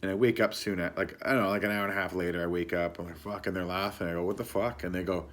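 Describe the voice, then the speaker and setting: A man's voice: sits low, level tone, very fast, a bit bright, a little hiss or hum. A man casually telling a rambling personal anecdote, laughing often and swearing freely. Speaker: storyteller.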